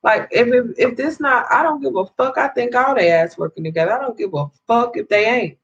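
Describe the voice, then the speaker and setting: A woman's voice: fairly high pitch, a little fast, husky, lo-fi sound. A woman in an angry, profane rant to camera, swearing heavily and rambling with restarts as she vents. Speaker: vlogger.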